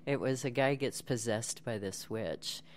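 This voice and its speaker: A woman's voice: rumbling low, measured pace. Chatty woman telling stories, laughing. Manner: chatty storyteller, laughs often. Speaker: actress and guest. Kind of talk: casual podcast interview.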